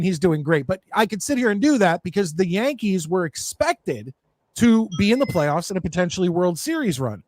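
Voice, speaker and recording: A man hosts a loose sports call-in chat, his voice sitting high for a man. He rambles and corrects himself mid-sentence. The sound is close and dry. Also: very animated, brisk, dry recording. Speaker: show host.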